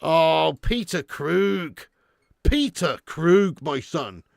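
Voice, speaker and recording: An excitable man commentating live on a football match to his stream audience, chatty and laddish, with frequent swearing. His voice sits fairly high for a man and has a dry sound with little room echo. When the game turns against his side he breaks into loud shouting. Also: extremely slow, creaky. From England. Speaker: host of a football watch-along stream. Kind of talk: live football watch-along commentary and chat.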